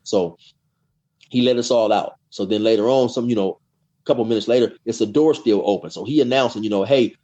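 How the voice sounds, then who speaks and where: This middle-aged guest's voice is fairly low and dark, and he speaks fairly quickly. Casual and rambling, he recounts long prison stories in an interview, frequently saying "you know" and repeating himself, all captured in dull lo-fi sound.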